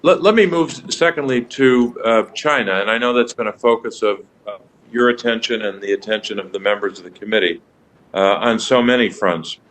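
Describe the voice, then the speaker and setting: A man, a senator joining remotely, making formal, deliberate remarks to a nominee at a hearing. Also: lowish voice, fairly bright tone, poor audio. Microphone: remote video link.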